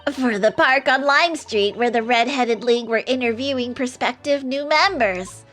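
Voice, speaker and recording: A woman's voice: a little high, moderate pace, a bit bright, faint music behind, close to an everyday voice. A woman voicing a sweet, fretful young girl assistant in a game.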